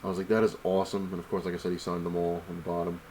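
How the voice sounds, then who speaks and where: A young man with a deep, low voice talks casually at home, rambling through his story with lots of "um" and "I was like." A faint hum of room ambience sits underneath. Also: monotone, rapid-fire, darkish tone, poor audio. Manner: rambling storyteller, many fillers and "I was like" quotes. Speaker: comic collector vlogger. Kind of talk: casual convention haul recap.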